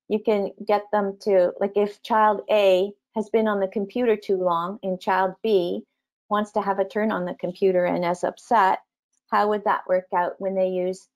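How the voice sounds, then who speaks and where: A woman with a mid-range voice talks parents through slides in an online presentation. She is gentle and explanatory, pausing often with small ums. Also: medium pitch, little pitch movement. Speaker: teacher trainer speaking to parents.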